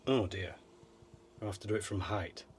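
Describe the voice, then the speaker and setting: A man's voice: on the low side, normal speed, heavy background noise. A man giving rambling, earnest life advice to camera from a small camper van. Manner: rambling, earnest, swears now and then. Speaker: vlogger. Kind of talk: casual advice talk to camera.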